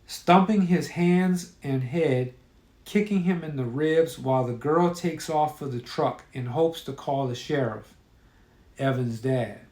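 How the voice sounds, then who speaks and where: A man reading a gory horror story aloud in a measured, grim, plain way. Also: on the high side. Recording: roomy echo.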